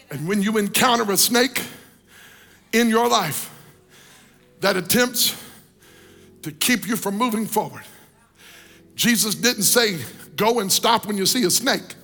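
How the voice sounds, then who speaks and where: High, gravelly preacher. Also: male voice. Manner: preaching with sung cadences, shouting climaxes. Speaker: pastor. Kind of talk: sermon. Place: church hall. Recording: long hall reverb, organ music behind.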